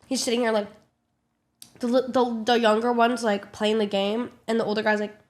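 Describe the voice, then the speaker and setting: A young woman streamer telling a casual story to her chat, animated and swearing a lot. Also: a little high, normal speed. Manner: animated, swears a lot, acts out loud kids.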